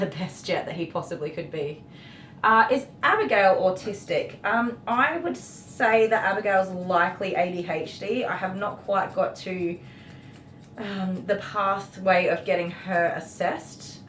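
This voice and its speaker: A woman hosting a casual livestream and answering viewer questions in a chatty, openly emotional way, with frequent ums. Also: fairly bright tone. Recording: echoey room with faint rumble.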